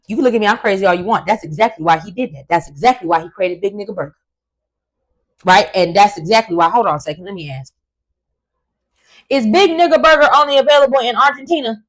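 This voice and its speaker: A woman hosting a casual commentary vlog, ranting in an emphatic, profane and animated way. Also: medium pitch, poor audio. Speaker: host.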